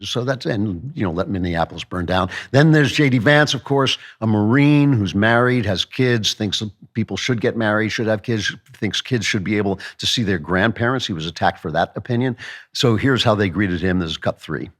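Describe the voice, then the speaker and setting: A man's voice: lowish voice, moderate pace, fairly bright tone. A male host delivering a sarcastic, emphatic political opinion monologue with mocking asides.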